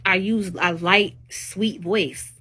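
A woman's voice: mid-range voice, steady tone, slow, bright, forceful tone, husky. A woman hosting a live stream, talking in a casual, opinionated monologue that is emphatic and preachy, with rising exclamations.

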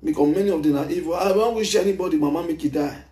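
A middle-aged Nigerian man with a Nigerian accent, giving an emphatic, animated spoken testimony into a handheld microphone, mixing English and Pidgin. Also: fairly high pitch, very fast, reverberant. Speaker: speaker giving a testimony at a gathering.

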